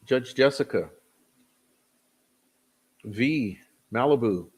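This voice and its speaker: Very slow and expressive, with a breathy edge to his mid-range voice, a man hosts a casual livestream. He calls out viewers by name from the chat and rambles, chuckling and filling gaps.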